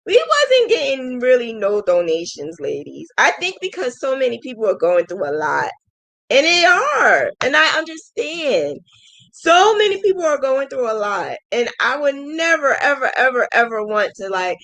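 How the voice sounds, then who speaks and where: A woman's voice: fairly high pitch, big pitch swings, measured pace, a bit bright, poor audio. A woman hosting a casual crochet livestream, thanking viewers emotionally and laughing often. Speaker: crochet channel host.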